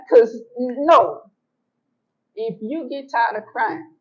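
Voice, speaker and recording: A woman telling her own story as an interview guest, animated and emphatic, repeating words for effect and acting out what she said back then. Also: fairly high pitch, very slow, breathy edge, lo-fi sound. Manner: colloquial, acts out her own past words. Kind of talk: emotional personal storytelling.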